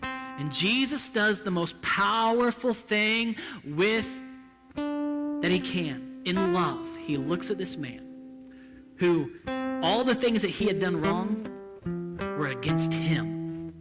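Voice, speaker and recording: A male pastor preaching a sermon in a church, impassioned and swinging between hushed and loud delivery. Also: high-pitched, lively intonation, slow pace, pauses often, in a large hall, loud music behind the voice.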